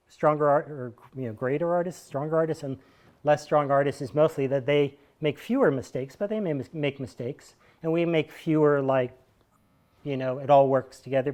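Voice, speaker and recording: An American man in his fifties talks to a small theater audience in a rambling, storytelling monologue. His voice sits a bit higher than most men's. He drifts into wry asides and dry chuckles as he goes. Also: darkish tone. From United States. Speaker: solo performer speaking to an audience.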